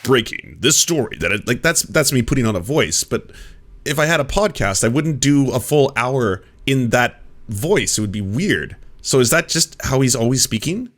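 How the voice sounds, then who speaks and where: A man's voice: mid-range voice, animated, moderate pace. A man hosting a commentary show, reacting to clips with sarcastic, mocking and profane remarks.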